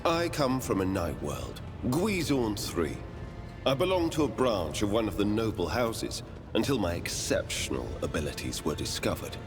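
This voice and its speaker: A man voicing an aloof, noble-born male psychic who speaks in a measured, reserved way. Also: lowish voice, very animated. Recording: reverberant, clear music behind.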